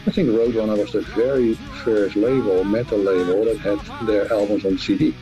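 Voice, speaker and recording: A man with a fairly low voice recalls old stories in an interview, rambling and stopping often to search for words. A clear music bed plays under his speech. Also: steady tone, moderate pace, poor audio. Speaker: interview guest. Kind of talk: interview recollection.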